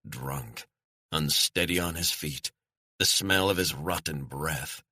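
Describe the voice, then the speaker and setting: A man narrating a thriller audiobook in a measured, steady storytelling manner, on a close studio mic. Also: rumbling low, slightly rough, dry recording.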